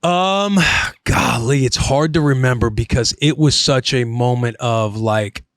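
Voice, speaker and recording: A man in his thirties, a podcast host, telling a story in a casual, animated way, swearing and calling his listener bro. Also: mid-range voice, measured pace, no room sound, clean studio sound.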